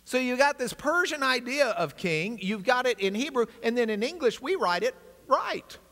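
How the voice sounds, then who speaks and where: A man with a strikingly high, bright voice leads a lively class lecture, his pitch swinging widely as he explains and jokes with the room. His words ring with the long reverb of a large hall. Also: normal speed. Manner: energetic, animated storytelling with asides to the class. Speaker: Bible class teacher.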